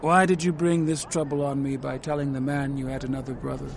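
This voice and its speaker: A man's voice: mid-range voice, little pitch movement, fairly quick, gravelly, a little hiss or hum, lightly acted. An actor playing an aged, grieving father in an audio drama, speaking in a mournful, protective way. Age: older.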